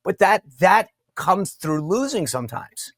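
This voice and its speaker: A man's voice: high-pitched, sing-song, unhurried, no room sound, studio quality. A man hosting an interview show, conversational with frequent restarts. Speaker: show host. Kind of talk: interview and sign-off.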